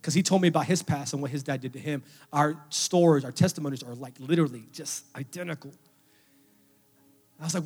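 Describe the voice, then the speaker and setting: A young adult man preaching a sermon, telling a personal story with emotion, his voice dropping to a hush and then rising loud. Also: on the high side, brisk, slightly rough. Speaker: pastor. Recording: long hall reverb with faint music. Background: faint music.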